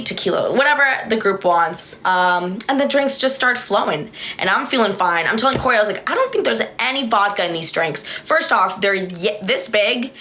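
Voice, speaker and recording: A woman's voice: medium pitch, pushed and bright. A woman hosting a livestream in a loose, rambling way. She tells stories, gets distracted and laughs often while she talks. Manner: rambling, chatty, easily distracted. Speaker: livestream host. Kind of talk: casual livestream chat and storytelling.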